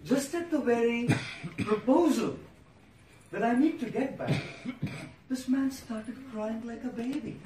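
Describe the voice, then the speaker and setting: A man, a monk giving an inspirational public speech, telling stories and listing words with pauses for effect. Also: very high voice, warm tone. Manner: storytelling, rhetorical, lists words with pauses. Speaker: monk giving a motivational talk. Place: large hall before an audience. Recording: echoey hall, distant mic, noisy.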